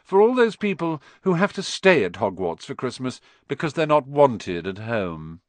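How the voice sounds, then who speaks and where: A man's voice: medium pitch, sing-song, moderate pace, no echo, pitched above the performer's own voice, natural voice. A man voicing a sneering, spoiled rich schoolboy in an audiobook reading.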